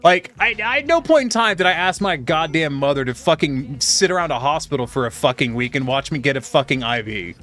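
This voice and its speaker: Middle-aged male streamer, profane venting to chat, soft game music underneath. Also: a little high, expressive, moderate pace. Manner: ranting, heavy swearing; chatty, talks to viewers. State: undergoing chemo. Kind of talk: casual gaming stream chat.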